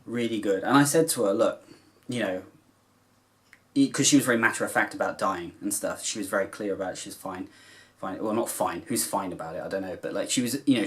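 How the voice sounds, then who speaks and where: A man who vlogs about cross stitch talks to camera in a casual, rambling, heartfelt way, with many filler phrases along the way. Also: lowish voice.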